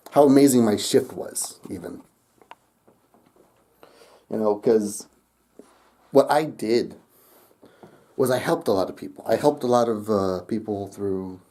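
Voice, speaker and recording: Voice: mid-range voice, dark tone. A young adult vlogger telling a rambling story straight to camera, laughing often and swearing casually.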